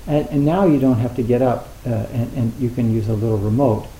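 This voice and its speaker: A middle-aged American man giving a dharma talk as a Zen teacher, in a loose, halting, conversational way with many fillers and a wry, gentle humor. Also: mid-range voice. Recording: roomy hall with faint hiss.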